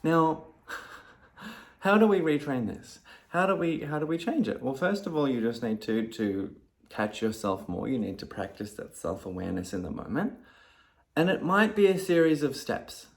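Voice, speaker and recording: Guy vlogging, mid pitch, calm explaining, then sudden loud high jumps acting out snapping back. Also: normal speed. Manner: acts out his own snappy and grateful replies with sudden loud jumps. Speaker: video creator talking about ADHD. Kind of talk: casual talk to camera.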